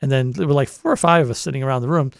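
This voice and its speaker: This Boston-accented man in his sixties talks quickly, almost racing, with vocal fry in his mid-range voice. He is a longtime college radio volunteer giving a meandering oral history of his station years, stopping and starting over often, and the recording has no echo.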